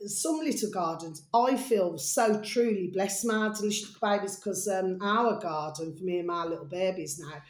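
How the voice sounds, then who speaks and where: A woman with a Birmingham accent talks into her vlog in a rambling, chatty way that keeps circling back on itself. She turns indignant and ranty as she goes. Her pitch sits in the middle, and the room around her is echoey. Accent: Birmingham English. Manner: rambling, chatty, repeats "my delicious little babies"; indignant ranting about bins. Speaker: vlogger.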